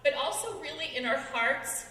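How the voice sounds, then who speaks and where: A young woman gives an earnest stage talk in a fairly high, bright voice. She is heard from back in a big echoing hall, with a long ringing tail on her words and some faint ambience. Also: expressive. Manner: earnest, quick, laughing now and then. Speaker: student speaker. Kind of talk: short persuasive stage talk. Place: large hall with audience. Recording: echoey hall from far off.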